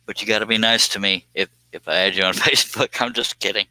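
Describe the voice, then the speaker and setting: A man's voice: lowish voice, steady tone, fast, sharp tone, no room sound. A man with a Southern US accent chatting casually to viewers on a phone live stream, rambling and self-deprecating with frequent chuckles.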